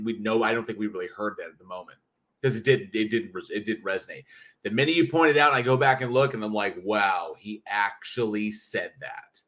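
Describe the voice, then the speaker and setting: A man hosting a livestream, reading chat comments and ranting bluntly with plenty of swearing. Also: lowish voice. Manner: blunt, profane, animated ranting. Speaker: livestream host.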